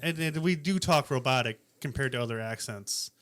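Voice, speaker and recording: A man's voice: mid-range voice, moderate pace, a bit bright, slight background noise. A man with an Upper Midwest accent, co-hosting a casual podcast and telling blunt stories with swearing. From Wisconsin. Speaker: podcast co-host.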